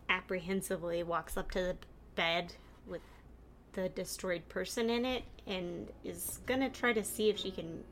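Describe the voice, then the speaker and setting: A woman playing a tabletop game, speaking hesitantly with halting starts and frequent giggles. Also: mid-range voice, a bit bright. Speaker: player. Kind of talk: casual tabletop game chat. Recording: faint music under the voice.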